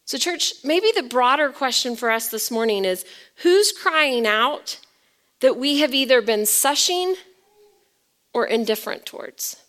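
A woman pastor preaching a dramatic sermon. She swings from loud emphasis to near whispers and puts rhetorical questions to the congregation. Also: high-pitched, expressive, measured pace.

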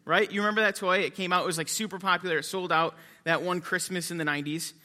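A male pastor delivers a sermon in a church sanctuary, his voice high and ringing. He shifts between earnest teaching and playful, animated asides. A long reverb from the hall trails behind his words. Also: fast talker. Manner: animated, jokey asides, quiet reverent prayer.

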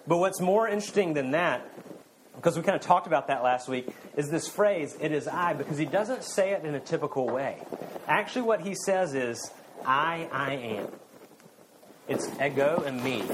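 A man preaching a sermon, earnestly, with rising emphasis and then quiet intensity. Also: medium pitch, background noise. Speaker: pastor.

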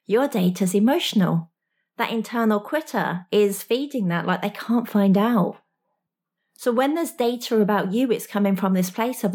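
A woman's voice: mid-range voice, moderate pace, darkish tone. A woman speaking directly to the listener in a motivational talk as a coach, frank and slangy, with small laughs.

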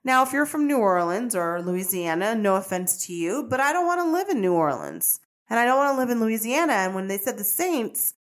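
A woman at an ordinary pitch shares a personal story as a podcast host. She talks in a chatty, animated way and drifts into side comments before she comes back to her point.

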